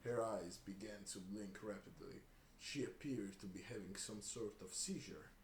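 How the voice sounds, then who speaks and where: Lower-voiced man reading aloud, roomy. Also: normal speed. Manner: laughs and breaks off with asides. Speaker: reader. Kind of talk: comedic reading of a crude story. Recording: roomy room with faint hiss.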